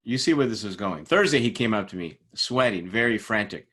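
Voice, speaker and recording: Speaking briskly in a lowish voice, a middle-aged man delivers an informal, anecdote-filled lecture to a class. The instructor tells lively workplace tales and acts out each person he quotes.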